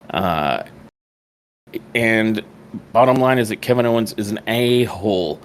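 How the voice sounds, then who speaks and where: A man recapping a wrestling show on a podcast with a wry, laid-back delivery. His voice sits on the low side. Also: a little slow, a little hiss or hum. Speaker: podcast co-host.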